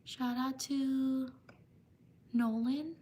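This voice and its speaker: A woman hosting a livestream, reading viewers' names for shout-outs in a slow, repetitive way. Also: sits high, steady tone. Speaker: livestream host.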